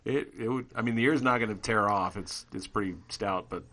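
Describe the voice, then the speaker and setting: A man's voice: fairly low pitch, a little fast, fairly bright tone. A middle-aged man co-hosting a podcast, thoughtfully laying out his ideas in casual chat. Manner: thoughtful, explains ideas with filler and restarts. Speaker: podcast co-host.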